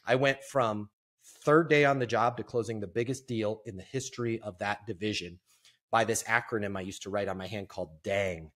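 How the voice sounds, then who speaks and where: A man who is a podcast guest, telling a sales story in an animated way and acting out the quotes. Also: fairly low pitch, brisk. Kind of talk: storytelling interview.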